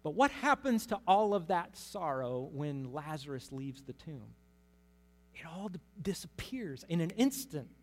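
A man's voice: fairly high pitch, a little slow. Man teaching scripture in a reverberant hall. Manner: lively storytelling with humorous asides. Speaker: Bible teacher. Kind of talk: conversational Bible teaching.

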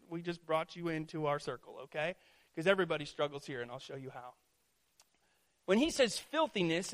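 A pastor in his thirties preaches his sermon in a chatty, direct way, checking in with "right?" and "okay?". His voice sits high for a man, and at the peaks he gets louder and higher in emphatic preaching. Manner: conversational preaching with frequent "right?" and "okay?" asides; rises to loud, high-pitched emphatic preaching.

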